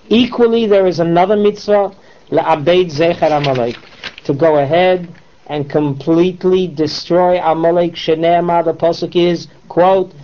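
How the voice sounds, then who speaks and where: Animated man teaching a Torah class. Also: on the high side. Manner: animated, mixes Hebrew terms into English, rhetorical questions. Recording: dull lo-fi classroom recording.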